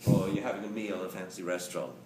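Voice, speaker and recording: A man giving a lively, jokey lecture on dog training to a live audience, acting out quotes as he goes. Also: low-pitched, racing. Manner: animated, jokey, acts out quotes. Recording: roomy, distant camera mic with hiss.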